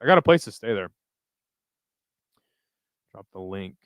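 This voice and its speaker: This young streamer has a fairly low, animated voice and takes his time, recorded cleanly without echo. He reads viewers' comments out loud and chats in a relaxed, rambling, foul-mouthed way.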